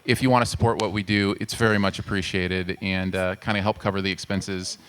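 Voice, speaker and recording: A man's voice: low-pitched, fairly even intonation, brisk, a bit bright, clean tone. A man co-hosting a live podcast show at a venue, upbeat and grateful, rallying the audience. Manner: upbeat, grateful, hypes the crowd. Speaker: podcast co-host.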